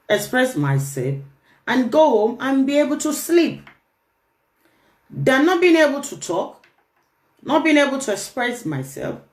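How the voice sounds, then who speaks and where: A woman hosting a relationship talk, speaking earnestly and emphatically, often repeating her key phrases. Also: a little high. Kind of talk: earnest motivational talk to camera. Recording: roomy echo.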